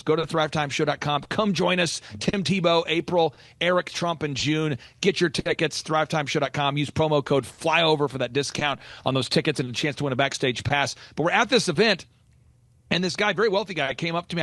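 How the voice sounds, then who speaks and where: A man hosting a business coaching podcast, telling stories in an animated, emphatic way. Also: on the high side, dry recording. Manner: animated storytelling, quick and emphatic. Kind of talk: energetic casual podcast talk.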